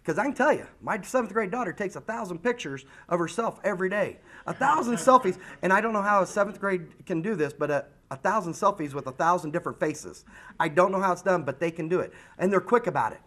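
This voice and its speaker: A man in his forties with an American accent speaks to a room of parents at a community coffee meeting. His voice sits high for a man, and he keeps it animated by slipping into quick impressions of children and his own daughter. The delivery is chatty and earnest. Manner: animated, acts out kids' lines. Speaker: school safety presenter.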